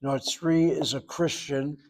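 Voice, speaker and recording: A man lecturing on Hebrew grammar in a slightly raised voice. He explains step by step and repeats words slowly so the students can hear each sound. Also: on the high side, steady tone, poor audio. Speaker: Hebrew teacher.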